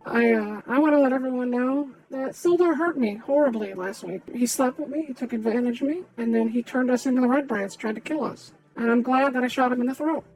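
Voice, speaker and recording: A woman's voice: sits high, a little fast, hardly any pauses, a little mellow, rough recording. A woman voicing a vengeful young woman adventurer who speaks of her revenge defiantly and without apology. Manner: defiant, matter-of-fact.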